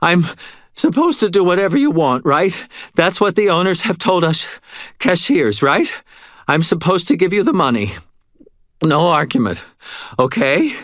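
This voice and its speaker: A man's voice: animated, a little slow, fairly bright tone, no echo, clean studio sound. A man doing a frantic young stoner cashier. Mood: pleading. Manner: high, pleading and frantic. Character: panicky stoned young male store cashier.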